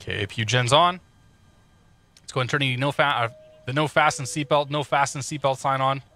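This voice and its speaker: Bright-voiced man streaming a flight sim. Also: medium pitch, brisk. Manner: chatty, joking, reading out chat while working through cockpit checklists. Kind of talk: casual live-stream commentary.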